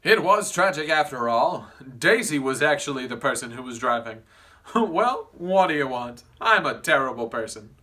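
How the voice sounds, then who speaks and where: A man voicing an arrogant, hot-tempered rich young husband in a student comedy play, loud and blustering. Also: mid-range voice, big pitch swings, moderate pace, distant mic. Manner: loud, blustering, shouting outbursts.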